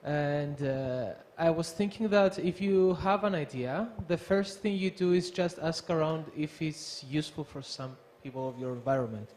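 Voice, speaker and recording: A man from the audience thanks the speaker, then works through his question with small hesitations. His fairly high voice sits over a faint hum of room noise. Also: normal speed, few pauses, a little mellow. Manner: polite, hesitant, thinking aloud. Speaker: audience member asking a question.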